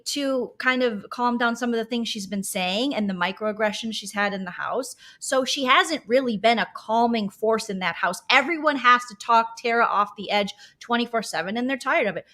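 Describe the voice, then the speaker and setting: A woman's voice: on the high side, a bit bright. A woman co-hosting a casual reality TV chat, talking in an emphatic, opinionated way. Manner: opinionated, emphatic, rapid-fire. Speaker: co-host.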